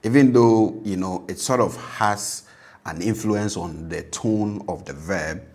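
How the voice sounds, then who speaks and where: A man's voice: fairly low pitch, measured pace, darkish tone. A man teaching a language lesson, patiently explaining and repeating example words for the learner.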